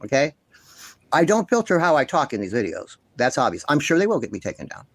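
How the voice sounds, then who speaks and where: A man's voice: mid-range voice, big pitch swings, quick pace, no room sound. A man hosting a commentary vlog, ranting passionately and indignantly, swearing often and insisting on the same points over and over. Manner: repeats himself insistently. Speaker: commentary channel host.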